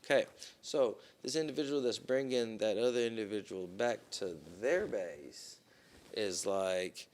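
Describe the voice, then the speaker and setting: A man on a podcast telling a long story in casual, profane talk, with plenty of "boom" and "right?". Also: moderate pace. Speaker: podcast co-host.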